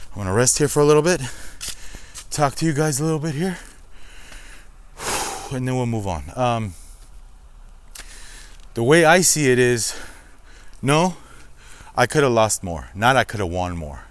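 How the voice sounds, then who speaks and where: A man's voice: medium pitch, expressive, unhurried, long pauses. A man hosting a casual walk-and-talk vlog outdoors, a little out of breath as he climbs a steep hill and talks reflectively to his viewers. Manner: chatty, addresses viewers as guys, reflective. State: out of breath walking uphill. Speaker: slots channel host.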